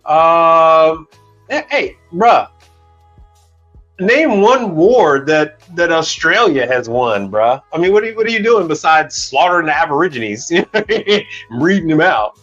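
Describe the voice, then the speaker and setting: Man, livestream host, fairly high voice, blunt and profane, dull lo-fi audio, faint music behind. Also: very animated, measured pace, a bit bright. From Chicago. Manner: blunt, profane, storytelling with quoted dialogue. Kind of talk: casual livestream rant.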